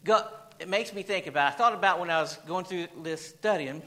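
Brisk and high-pitched, a bit bright, this man's sermon comes through on poor audio. As pastor of a church, he tells a story by reading an anecdote aloud, repeating phrases and peppering the congregation with questions.

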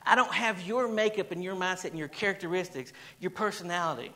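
Poor audio captures a pastor whose voice sits high, brisk and bright with a forceful tone. Preaching in church, he reads an anecdote aloud like a story, repeats phrases, and fires question after question at the congregation.

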